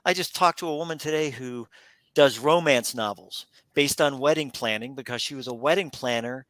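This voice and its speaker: A middle-aged man hosting a radio interview in a casual, animated way, often repeating words and acting out quotes. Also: mid-range voice, normal speed, no echo. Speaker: radio show host.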